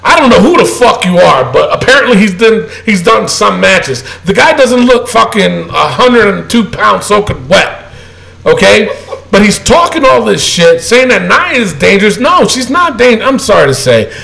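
A high-pitched man with a gravelly edge rants on a podcast. He swears freely and hammers his points home with repetition. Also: big pitch swings, moderate pace, sharp tone, low-quality recording. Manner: profane, emphatic, ranting. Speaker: co-host. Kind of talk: heated casual chat.

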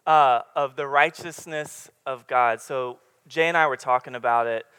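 A man's voice: mid-range voice, moderate pace, sharp tone, clear, resonant tone. Young guy preaching, chatty and loose with lots of um and like, echo hangs in the church room. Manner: candid, rambling, many fillers and restarts. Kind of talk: casual conversational sermon. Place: church meeting room with congregation. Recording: long reverb from the room.

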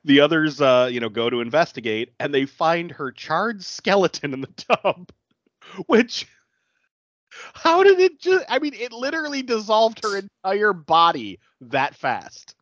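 A podcast co-host retelling a movie plot in a casual, animated way, often acting out the characters' lines. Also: mid-range voice, unhurried, dry recording, dull audio.

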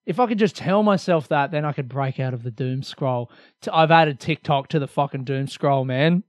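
A man's voice: a little high, normal speed, dry recording. A young Australian man hosting a solo comedy podcast, rambling energetically with lots of swearing and self-mockery.

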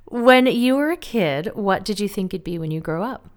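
A woman hosting a casual interview at a middle pitch. She comes across as supportive and laughs easily. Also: lively intonation, moderate pace. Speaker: host.

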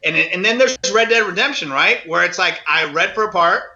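Brief: animated male actor guest, bright tense tone, slightly higher pitch, muffled lo-fi sound. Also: brisk. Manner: animated, acts out quoted voices, many restarts. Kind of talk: casual storytelling interview.

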